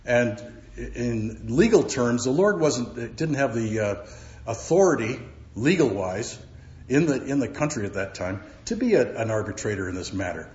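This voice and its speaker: A man teaching verse by verse from the Bible, halting often with fillers and repeated words. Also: medium pitch, sing-song, a little mellow. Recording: roomy, dull recording.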